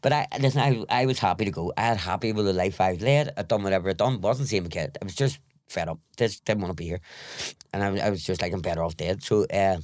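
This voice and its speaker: A man's voice: low voice, quick pace, a little mellow, no room sound, clean studio sound. A middle-aged man with a Northern Irish accent, talking frankly and at length as a podcast guest, rambling through his story and acting out old conversations. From Northern Ireland. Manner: rambling, frank, swears, retells scenes in dialogue. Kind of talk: candid interview storytelling.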